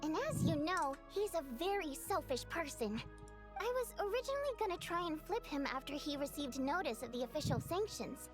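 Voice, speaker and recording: Very high-voiced young woman ally. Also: lively intonation, moderate pace. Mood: earnest. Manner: confiding, explains plans at length. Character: earnest young woman troupe performer, scheming ally. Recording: game voice over clear music.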